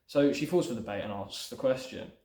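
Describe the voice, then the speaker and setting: With a medium-pitched, darkish voice and a brisk delivery, this channel host talks through his own screenplay in progress. The tone is loose and meandering, filled with "sort of" and "you know," and the room gives off a noticeable echo.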